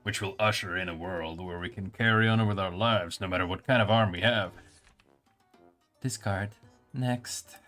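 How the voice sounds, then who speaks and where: A man's voice: low voice, normal speed, fairly bright tone, soft background music. A male streamer reading game dialogue and narration aloud, musing and stumbling over hard words.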